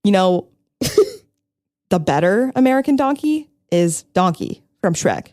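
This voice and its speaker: A woman co-hosting a podcast in relaxed, casual chat, joking and firing off curious questions. Her pitch moves a lot. The recording sounds dry and close. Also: slow pace, dry recording. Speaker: podcast co-host.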